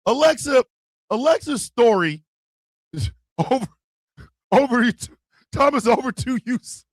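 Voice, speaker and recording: A man hosting a radio talk show, giving comedic advice in a loud, profane voice and often shouting. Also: very high voice, lively intonation, measured pace, no echo, clean studio sound.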